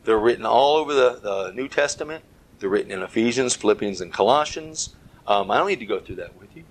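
Husky low-voiced man preaching. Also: lively intonation, rough recording. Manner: earnest, pausing in short phrases, stressing key words. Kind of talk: Bible teaching talk.

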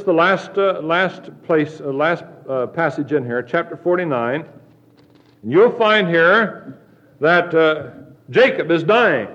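High-voiced preacher man, dull recording. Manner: slow, deliberate preaching with scripture readings. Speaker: pastor. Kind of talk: sermon.

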